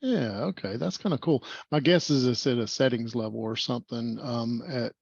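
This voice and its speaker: Male meetup host on a video call, fast and rambling, a bit muffled, dry sound. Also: mid-range voice, gravelly, darkish tone, breathy edge, no echo. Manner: rambling, fast, many fillers. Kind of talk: casual online meetup presentation.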